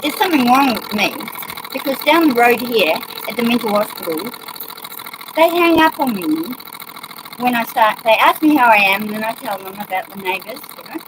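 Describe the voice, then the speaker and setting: A woman's voice: a little high, expressive, normal speed, background noise. A woman with a New Zealand accent, ranting agitatedly in a rambling monologue and swearing often.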